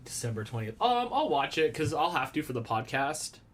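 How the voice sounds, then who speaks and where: A man's voice: on the high side, sing-song, a little fast, husky. A man hosting a casual live stream from a small room at home. He rambles in a playful way, answers viewer comments and jokes about himself. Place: small room at home with a red wall and lava lamps.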